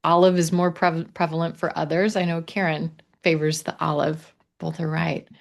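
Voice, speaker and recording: A man with a Missouri accent teaching English pronunciation in a live online class, modeling phrases slowly for learners to repeat. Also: fairly high pitch, flat delivery, creaky. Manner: slow, drawn-out model phrases. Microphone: video call.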